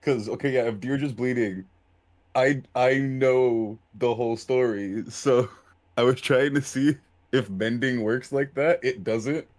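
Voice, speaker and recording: A man playing a tabletop role-playing game, talking haltingly in casual chat. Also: mid-range voice, fairly even intonation, darkish tone. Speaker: player.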